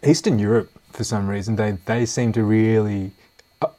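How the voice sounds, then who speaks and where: A man, a guitarist and producer chatting casually as an interview guest in a relaxed, rambling way with frequent laughs. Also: lowish voice, normal speed. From Australia.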